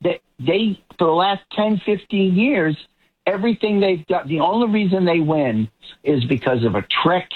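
A man's voice: sits high, animated, normal speed, narrow, tinny audio, a little hiss or hum. A man from the Boston area giving emphatic political commentary as a talk show guest, often repeating words as he builds a point. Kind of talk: talk show panel discussion.

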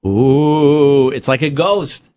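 A man's voice: medium pitch, faint music behind. Chatty male radio co-host. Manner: chatty, reads news items with quick asides. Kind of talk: casual morning radio chat. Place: radio studio.

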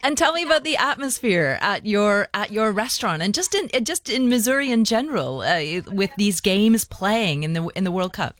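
A woman radio presenter hosts a weekend news program, leading interviews in a measured, friendly way. Her voice sits in a middle range and the sound is dry. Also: medium pitch, sing-song, fairly bright tone, dry recording.

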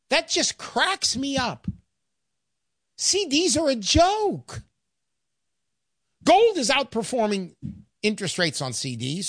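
A woman giving an emphatic, sarcastic sales pitch for investing in gold and silver. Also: a bit bright, no echo, studio quality. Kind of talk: persuasive sales talk.

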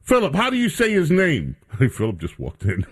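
A man's voice: a little high, huge pitch swings, unhurried, slightly rough. A man hosting a talk radio show, bantering with his studio crew in a casual commentary style.

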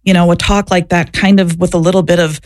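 With a fairly low, steady, slightly mellow voice and no room sound, a woman speaks quickly as an interview guest. She's a former abortion clinic worker recounting her own experiences with candor and reflection. Her sentences frequently restart, and she repeats words.

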